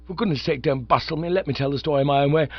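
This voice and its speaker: A man voicing a bumbling, lovesick young English gentleman who gushes and pleads, in a dull, dry recording. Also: fairly high pitch, rapid-fire, no room sound, pitched above the performer's own voice. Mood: eager pleading. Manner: gushing, pleading.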